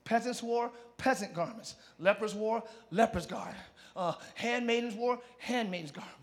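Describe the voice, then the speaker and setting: A male pastor preaching a live church sermon, exhorting and shouting to the congregation, then dropping into quieter conversational asides. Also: high-pitched, normal speed. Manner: drops to a quiet conversational tone between shouted passages. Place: church sanctuary.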